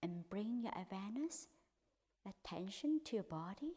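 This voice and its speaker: A woman leading a guided meditation in a soft, gentle voice that often drops to a half-whisper, with simple, repetitive instructions. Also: medium pitch, lively intonation, normal speed, breathy edge. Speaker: meditation teacher.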